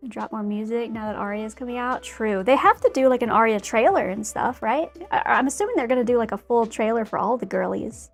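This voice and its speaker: A woman's voice: a little high, fairly quick, vocal fry, few pauses, soft background music. A young woman chatting casually in a bubbly, rambling way while she paints a figure. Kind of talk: casual chat while crafting.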